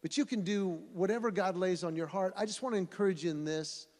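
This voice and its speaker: A man giving a storytelling speech to an audience, animated and acting out voices as he goes. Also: high voice, quick pace. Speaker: speaker at a fundraising event. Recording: long hall reverb.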